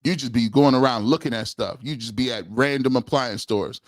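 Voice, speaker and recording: A man's voice: medium pitch, fairly quick, few pauses, dry recording, clean studio sound. A man in his forties hosting a live sports talk stream, telling comic stories and acting out the voices of the people in them. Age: 40s. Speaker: sports talk show host.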